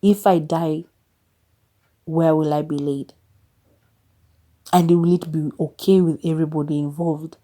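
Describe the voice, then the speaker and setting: A Kenyan podcast host in her thirties gives a candid, confessional monologue about her life, weaving Swahili phrases into her English and sometimes breaking into exasperated emphasis. Her voice is low and dark, with fairly even intonation, a slightly slow pace and long pauses.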